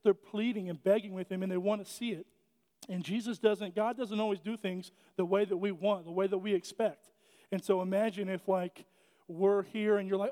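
A man with a high voice delivers a casual, joking sermon in a church and keeps restarting his sentences. A long reverb from the sanctuary trails after every phrase. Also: fairly even intonation, fast talker, darkish tone. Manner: chatty and joking, with many restarts. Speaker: preacher. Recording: echoey church hall.

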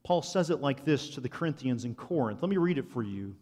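A man preaching a sermon, swinging from loud proclamation to quiet, confiding asides. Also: mid-range voice, animated, brisk. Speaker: pastor. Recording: long hall reverb.

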